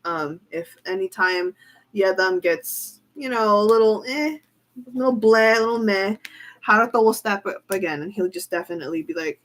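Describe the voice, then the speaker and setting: A woman reading tarot cards in a casual, chatty way, excitable and giggly. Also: medium pitch, moderate pace, low-quality recording. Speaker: tarot reader. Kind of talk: casual chat.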